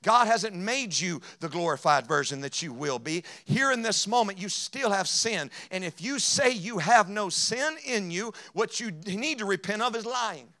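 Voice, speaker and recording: A man preaching a sermon with passion, swinging between loud emphasis and quiet asides, and slowing down to read scripture. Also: high voice, animated. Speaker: pastor.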